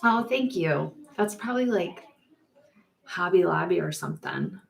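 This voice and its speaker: A woman, a mortician hosting a casual live-stream chat, talking in an upbeat, rambling way with frequent laughs and pauses. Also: fairly low pitch, expressive, gravelly. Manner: chatty and upbeat, laughs often between thoughts; rambling with frequent ums and restarts.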